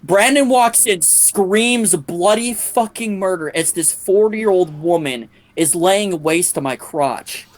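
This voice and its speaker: Slightly high-voiced man telling a crude story. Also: slow, hardly any pauses. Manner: profane, animated anecdote-telling with quoted voices. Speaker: streamer. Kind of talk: casual storytelling while gaming.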